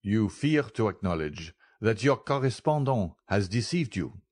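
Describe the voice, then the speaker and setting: A man reading aloud plays an impatient young nobleman, proud and sharp-tongued. The voice is low and clipped, recorded close in a dry space. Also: very animated, measured pace, dry recording. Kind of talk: audiobook character reading.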